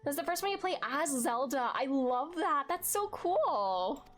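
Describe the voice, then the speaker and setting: Sick and saving her voice, a woman streams a video game, chatting casually and rambling with plenty of "like." Her voice sits high and a bit bright, very animated yet a little slow, with soft music behind it.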